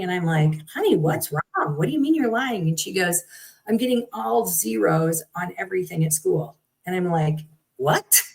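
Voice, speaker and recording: A middle-aged woman, a guest parent, telling her story in a lively conversational way and acting out what others said. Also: mid-range voice, low-quality recording. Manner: animated, acts out quoted people.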